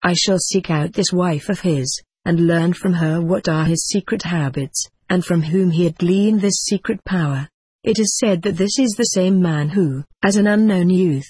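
A reader voicing a vengeful, scheming queen in an audiobook, in slow, archaic, brooding speech. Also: mid-range voice, a little mellow, breathy edge, no room sound, close to an everyday voice. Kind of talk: audiobook character reading.

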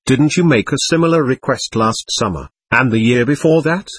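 An amused middle-aged father teases and brushes off a request, read by a man in his own husky voice. The audiobook sound is close and dry. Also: mid-range voice, normal speed, no room sound, natural voice. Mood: teasing.

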